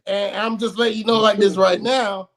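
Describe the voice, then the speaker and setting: High-voiced, blunt male sports panelist. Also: little pitch movement, normal speed, over a noisy crowd. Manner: blunt, emphatic and profane. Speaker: podcast panelist. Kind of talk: casual sports chat.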